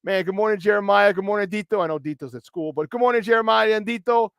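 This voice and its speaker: High-pitched, hyped sports host. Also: male voice, fast talker, creaky, smooth, no echo, clean studio sound. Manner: hyped, playful, shouting out listeners. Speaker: sports talk radio host. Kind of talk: morning sports talk show. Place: studio.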